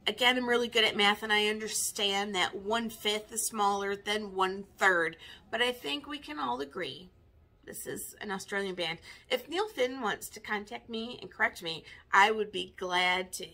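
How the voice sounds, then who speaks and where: A woman's voice: medium pitch, normal speed, sharp tone. A woman in her fifties, a record collector chatting casually in a vinyl tag video, wry and self-mocking. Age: 50s.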